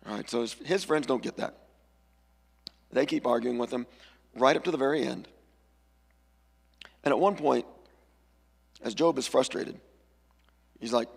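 A man preaching a sermon in a relaxed, conversational way, telling stories and acting out the people in them. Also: mid-range voice, normal speed, vocal fry, pauses often, husky, big-room sound. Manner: conversational storytelling, animated character voices. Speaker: pastor. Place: church sanctuary.

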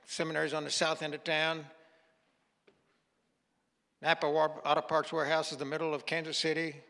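A man's voice: on the high side, completely flat delivery, a little fast, vocal fry, sharp tone. A man preaching as a guest pastor, telling a story in a folksy way and acting out the dialogue. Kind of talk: sermon storytelling. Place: church sanctuary. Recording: long hall reverb.

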